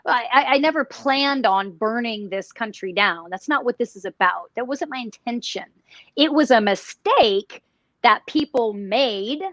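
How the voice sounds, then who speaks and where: A woman's voice: a little high, a bit bright, dry recording. A woman channeling a callous, cocky male mobster spirit, speaking flippantly and dismissively. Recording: dull dry lo-fi audio.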